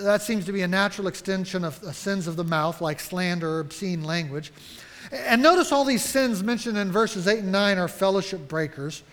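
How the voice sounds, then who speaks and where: A man with a high voice preaches in a church sanctuary, and his words ring out with a long hall reverb. He talks earnestly and directly, putting question after question to his congregation. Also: fairly bright tone. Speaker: pastor. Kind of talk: sermon.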